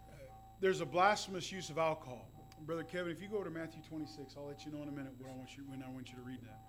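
A man's voice: on the high side, very fast, fairly bright tone, faint music behind. A man preaching a sermon, telling folksy stories with asides. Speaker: pastor.

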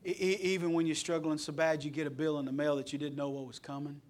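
A middle-aged male pastor, preaching a Sunday sermon that swings between loud passion and soft earnestness. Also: on the high side, flat delivery, fast talker.

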